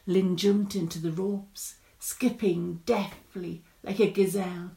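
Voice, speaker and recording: A woman reading a story aloud in a measured, descriptive storytelling manner. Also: mid-range voice, vocal fry, darkish tone.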